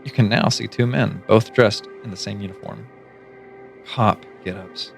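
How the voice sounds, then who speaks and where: A man narrates a story at an ordinary pitch, his calm, steady reading carrying a gravelly rasp. Quiet music plays behind the voice. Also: unhurried. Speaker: streamer reading a book aloud. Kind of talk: storybook reading in second person.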